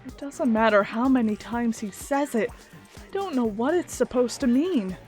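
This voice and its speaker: Woman streamer, reading game text aloud, high lively voice, unhurried. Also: soft background music. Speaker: let's play streamer. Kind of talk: reading a visual novel aloud.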